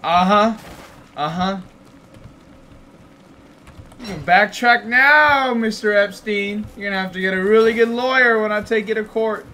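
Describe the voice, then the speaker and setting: A man streaming gameplay, chatting casually with goofy, teasing banter and sudden excited outbursts. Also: sits high, moderate pace, slight background noise. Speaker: game streamer.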